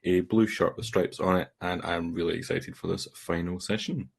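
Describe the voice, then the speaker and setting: A Scottish man with a very deep, somewhat husky voice introduces himself to a tabletop game stream. He sounds easygoing and friendly. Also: fairly even intonation, normal speed. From Scotland. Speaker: player. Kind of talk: casual self-introduction.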